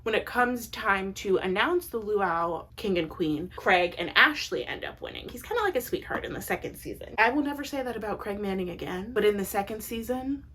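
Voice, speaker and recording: A woman's voice: mid-range voice, lively intonation, fairly quick, few pauses, fairly bright tone. A young adult woman recapping TV episodes in a casual, chatty way, with lots of "like" and blunt opinionated asides. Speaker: TV recap vlogger.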